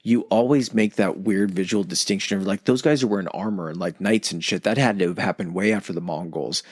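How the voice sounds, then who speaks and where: Brief: man, low voice, dry close mic, loose profane history-podcast banter. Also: brisk, husky, no room sound. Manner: joking, swears freely, acts out historical figures. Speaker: podcast co-host. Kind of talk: casual profane history chat.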